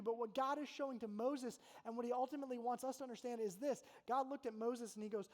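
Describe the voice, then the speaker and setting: A man's voice: extremely high pitch, fairly even intonation, quick pace, hardly any pauses, darkish tone. A man, a college pastor, preaching a sermon in a large hall with an earnest, conversational manner and repeated phrases. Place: large hall with an audience in Oxford. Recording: echoey hall with faint hum.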